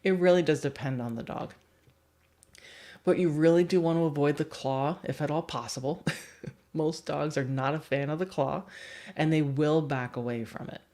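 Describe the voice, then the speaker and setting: Low-voiced, chatty woman dog trainer. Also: dark tone. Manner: chatty, laughs often. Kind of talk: livestream teaching talk.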